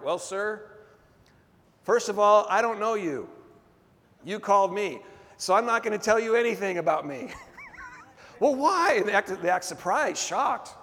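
A male pastor preaching a sermon with call-and-response and drawn-out emphatic phrases, in a large church hall. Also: high-pitched, expressive, fairly bright tone. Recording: long reverb of a big hall.

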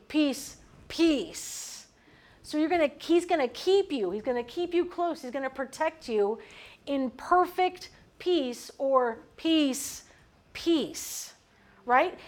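A woman with a high voice teaches scripture to a small group. She speaks in an animated way and keeps asking her listeners questions as she explains. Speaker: Bible teacher. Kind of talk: teaching a Bible study.

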